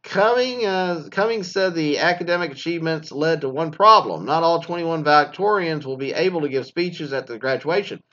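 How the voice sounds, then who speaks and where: A man's voice: fairly high pitch, fairly quick, hardly any pauses, pushed and bright. Middle-aged man, sarcastic, swearing rant, dull lo-fi sound. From Texas, Dallas area. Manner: crude, sarcastic, heavy swearing. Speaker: commentator reacting to news. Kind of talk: profane ranting monologue. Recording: dull lo-fi audio.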